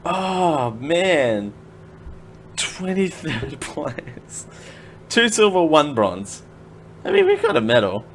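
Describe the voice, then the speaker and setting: A man's voice: on the high side, huge pitch swings, slow pace. A man from Australia hosting a live podcast on his own, rambling and joking, correcting himself as he reads out lists. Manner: rambling, self-correcting, jokey. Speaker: podcast host. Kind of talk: solo live podcast chat. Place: home room, window closed. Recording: faint background noise from outside work.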